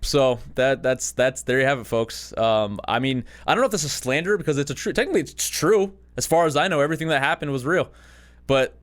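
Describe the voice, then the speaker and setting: A man's voice: medium pitch, lively intonation, brisk. A man co-hosting a podcast, rambling and joking in casual chat with many restarts. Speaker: podcast co-host.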